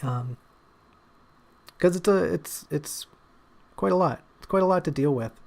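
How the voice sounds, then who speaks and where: A man's voice: a little high, a little slow, gravelly. A man talking casually on a livestream about his writing draft, thinking aloud with lots of fillers and restarts. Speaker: writer discussing his draft on stream.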